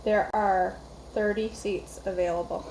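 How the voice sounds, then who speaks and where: A woman's voice: mid-range voice, fairly even intonation, measured pace, very noisy. A woman hosting a live cooking stream, chatty and rambling, greeting viewers by name from her home kitchen. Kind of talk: casual live-stream chat.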